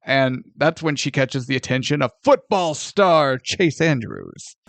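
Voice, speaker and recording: A man hosting a casual film review podcast, sarcastic and animated, swearing freely as he retells a plot. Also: medium pitch, measured pace, creaky, no room sound.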